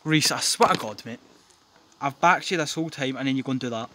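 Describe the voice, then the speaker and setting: A young man commentates on his football game with jokey, foul-mouthed excitement, his voice sitting at an ordinary middle pitch. He swings between muttering and sudden yells. He records outdoors in his back garden, with faint outdoor ambience behind him. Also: a little fast, a little hiss or hum. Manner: sweary, jokey, bursts into yelling. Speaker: gaming commentator.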